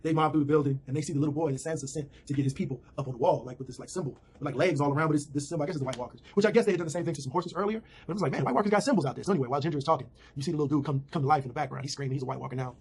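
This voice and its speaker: A man's voice: on the high side, racing, few pauses, darkish tone, breathy edge. A man giving a slangy, rambling casual recap of a TV episode from home. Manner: slangy, rambling retelling with fillers.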